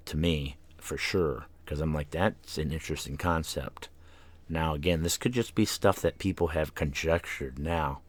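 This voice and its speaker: A man with a rumbling low voice hosts an internet radio show, tired and yawning as he rambles from tangent to tangent in a casual monologue full of fillers. His studio microphone gives a dry recording.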